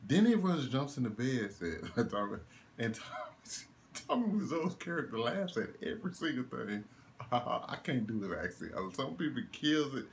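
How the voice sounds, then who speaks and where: A man's voice: medium pitch, moderate pace, gravelly, a little hiss or hum. A young man giving a casual one-take movie review, ranting in disbelief, laughing and swearing as he goes. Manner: animated, laughing, incredulous rants with swearing.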